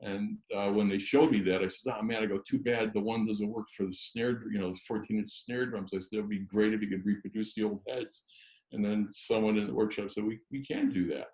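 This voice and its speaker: A man's voice: on the low side, fairly even intonation, a little fast, a little mellow, echoey room, rough recording. A man telling stories as a guest on a chat show, rambling with many restarts and fillers. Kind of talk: casual storytelling chat.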